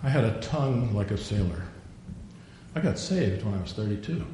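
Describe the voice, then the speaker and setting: A man's voice: on the low side, lively intonation, moderate pace, dark tone. Echoey older male preacher telling stories. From Norwegian. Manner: folksy storytelling, acts out dialogue. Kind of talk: sermon. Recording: very echoey room, faint noise.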